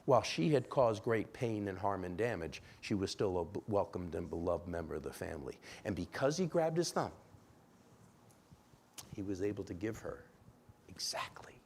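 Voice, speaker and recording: A man preaching a sermon in a church, telling a story with lively acted-out quotes and questions to the congregation. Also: sits low, moderate pace, vocal fry, slight background noise. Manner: animated storyteller, acts out quoted voices, asks congregation. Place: church sanctuary.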